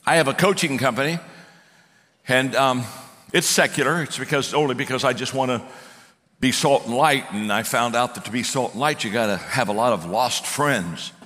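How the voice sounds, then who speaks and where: A middle-aged man who owns a speaking and coaching company preaches a sermon, telling stories animatedly with frequent restarts and repeated words. His voice is mid-range at a moderate pace, carried by long hall reverb.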